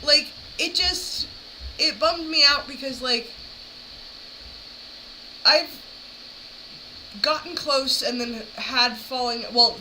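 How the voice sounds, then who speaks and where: A woman's voice: fairly high pitch, bright, forceful tone, slight background noise, poor audio. A woman talking casually while reacting to a video, rambling with frequent fillers. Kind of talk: casual chat.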